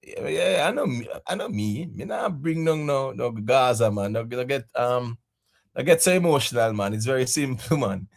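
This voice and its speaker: A man's voice: mid-range voice, expressive, normal speed, vocal fry. Jamaican guy on his livestream, laughs a lot, big up to everybody in chat. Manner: laughing often, shouting out viewers in patois. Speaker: live stream host. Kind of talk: casual live stream chat.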